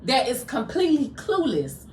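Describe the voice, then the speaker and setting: A woman co-hosting a podcast, telling an emotional family story in an animated, dramatic way. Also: high voice, normal speed, echoey room, slight background noise. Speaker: podcast co-host.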